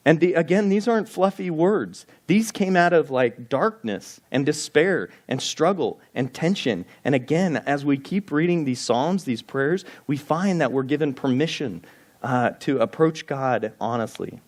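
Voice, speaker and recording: A man's voice: on the high side, expressive, unhurried, darkish tone. A man giving a sermon as pastor, talking earnestly and conversationally, reading scripture passages aloud.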